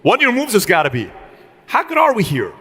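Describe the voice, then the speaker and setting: A man's voice: high voice, huge pitch swings, quick pace, pushed and bright, breathy edge, big-room sound. Punchy motivational speaker, man. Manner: punchy, rhetorical questions, acts out dialogues. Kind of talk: live motivational speech to an audience.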